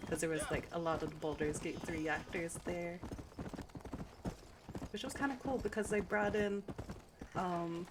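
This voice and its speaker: A woman's voice: on the low side, unhurried, pauses often, music in the background, rough recording. A woman game streamer chatting casually while she plays, rambling through stories with lots of fillers and easy laughs. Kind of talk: casual chat while playing. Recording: game sounds and hoofbeats loud underneath.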